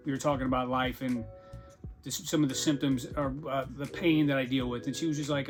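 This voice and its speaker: A man's voice: mid-range voice, brisk, soft background music. A man hosting a podcast, talking candidly about his own life in a conversational, self-deprecating way with a wry sense of humor. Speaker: podcast host. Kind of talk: candid personal monologue.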